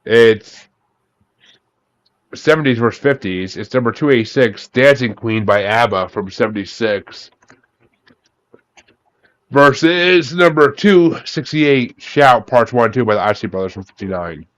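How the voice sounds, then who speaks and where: A man with a fairly low voice at normal speed hosts a casual music podcast, swearing freely as he calls on each guest by name over an online call for bracket chat. There is no echo.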